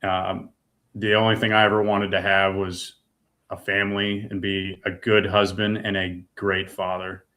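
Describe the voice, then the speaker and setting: Earnest low-voiced man sharing his testimony. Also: flat delivery, unhurried, sharp tone. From United States. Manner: earnest, raw, repeats words when moved. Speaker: guest. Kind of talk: emotional personal testimony.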